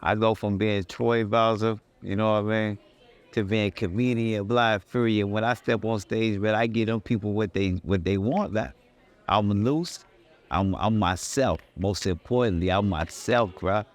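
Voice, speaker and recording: Relaxed low-voiced man talking frankly. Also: normal speed. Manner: relaxed and earnest, loose phrasing with "man" and "bruh". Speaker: comedian in an interview. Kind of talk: casual reflective talk.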